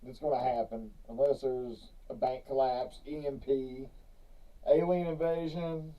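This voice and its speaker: A man's voice: mid-range voice, steady tone, a little slow, warm tone. A man, co-hosting a podcast and telling a long joke in a laid-back way, chuckling between lines. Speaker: podcast co-host. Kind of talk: casual chat, telling a joke. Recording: distant mic, dull lo-fi sound.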